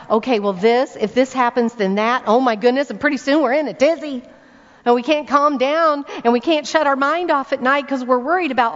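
A woman with a fairly high voice gives a conversational sermon and reads scripture aloud. She speaks straight to her audience and often asks them questions. The recording is dull and carries a long hall echo. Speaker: women's ministry speaker.

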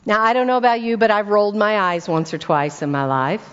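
At a church weekend event, a woman preaches to a congregation in a church hall with a smooth, slightly bright, mid-range voice, talking a little fast. She weaves in stories, asks the audience rhetorical questions, and repeats words to stress them. The recording is dull and echoey from the reverberant hall.

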